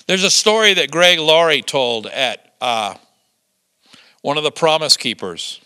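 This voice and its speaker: A man's voice: on the high side, unhurried, clear, resonant tone, dry recording. An older man preaching a sermon, telling stories with chuckles and acting out the quotes. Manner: lively storytelling with chuckles and acted-out quotes. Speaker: pastor.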